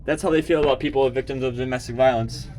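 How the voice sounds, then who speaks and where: Halting, upset man outdoors. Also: mid-range voice, fairly even intonation, a little mellow. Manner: halting, repeats himself, grows agitated. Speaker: person seeking shelter. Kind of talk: filmed confrontation and venting. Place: outdoors at a shelter door.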